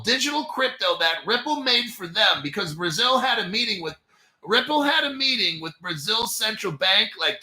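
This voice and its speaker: A man with a high, lively voice hosts a casual commentary video, hyped up, jokey and full of swearing. His tone is sharp and forceful, and the sound bounces around an echoey room. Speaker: crypto channel host.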